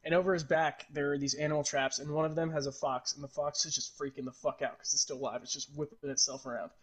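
A man's voice: fairly high pitch, flat delivery, fast talker, breathy edge. A man narrating a tabletop game as game master in a loose, casual way, laughing and swearing often.

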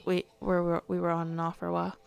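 Teen girl podcaster late at night, sleepy, hesitant, keeps slipping into a whisper, clean smooth voice. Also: lowish voice, completely flat delivery, quick pace. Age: teens. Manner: hesitant, soft-spoken, often trailing into a whisper. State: tired, yawning. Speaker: podcast host. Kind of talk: confessional late-night monologue.

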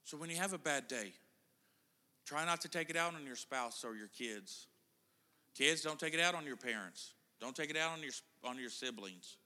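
Joking middle-aged preacher in a church hall. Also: male voice, on the high side, lively intonation, moderate pace, pushed and bright. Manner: chatty, joking with the congregation. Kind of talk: casual sermon.

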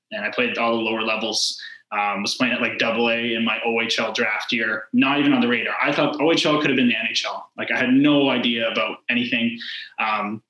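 A young man talks quickly in a bright, forceful voice. He tells his story casually, with plenty of "like" and acted-out dialogue. The room gives it a clear echo. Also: mid-range voice. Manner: rambling, heavy use of "like" and quoted dialogue. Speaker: former hockey player, podcast guest. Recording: echoey room.

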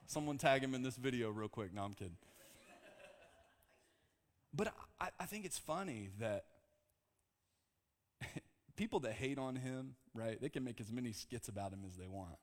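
A man preaching a lively sermon to his congregation, mixing calm teaching with jokes and bursts of shouting. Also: medium pitch, normal speed, pauses often. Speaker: pastor. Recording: long hall reverb.

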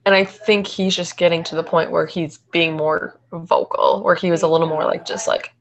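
A woman's voice: lowish voice, fairly even intonation, normal speed, rough recording. A woman co-hosting a podcast, chatting casually and retelling events in long run-on sentences. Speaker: podcast co-host. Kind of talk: casual chat.

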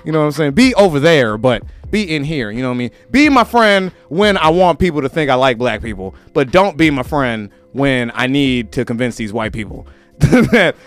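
A man hosting a podcast, talking in a casual, animated rant and mocking other people's voices. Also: medium pitch, normal speed, no room sound. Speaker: podcast host. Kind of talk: casual ranting chat.

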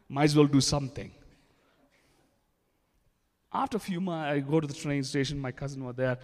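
A man's voice: a little high, expressive, slow pace, long pauses, darkish tone. A man preaching a sermon with testimony, emphatic and acting out quoted dialogue. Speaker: pastor. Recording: echoey hall with long reverb.

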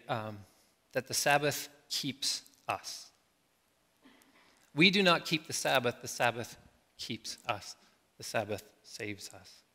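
Reflective middle-aged man preaching in a hall. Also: mid-range voice. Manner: reflective, slow with soft trailing endings. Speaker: pastor. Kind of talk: sermon. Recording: long hall reverb.

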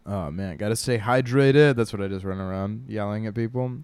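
Profane rambling male comic, crisp dry sound. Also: on the low side, normal speed, hardly any pauses, darkish tone, dry recording. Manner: rambling, profane, laughing often. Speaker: podcast host and stand-up comic. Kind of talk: casual comedic monologue.

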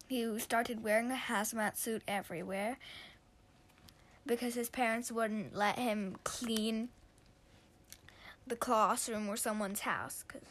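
A woman telling a story in a loose, improvised way, with fillers and restarts. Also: a little high.

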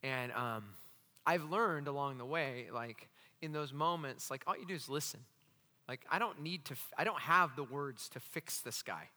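Speaking at a normal speed with a slightly high voice, this male pastor delivers a sermon built on stories, playing out the characters' lines and adding joking remarks. His manner is animated, and a long reverb fills the hall.

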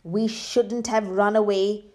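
A woman voicing a bossy male robber chief in a slightly lowered, commanding tone. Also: steady tone, slow, warm tone, natural voice.

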